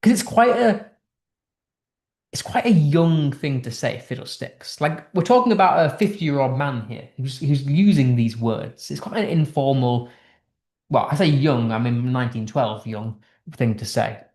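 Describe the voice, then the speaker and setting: A man's voice: medium pitch, unhurried, darkish tone, echoey room. A man teaching English literature in a casual online lesson, explaining a text line by line in a chatty way with restarts, from the United Kingdom.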